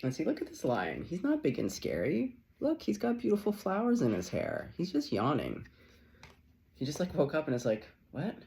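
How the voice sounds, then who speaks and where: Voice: medium pitch, huge pitch swings, normal speed, creaky, a little mellow. A tarot reader giving a casual channeled reading, effusive and loose, swearing freely and laughing often.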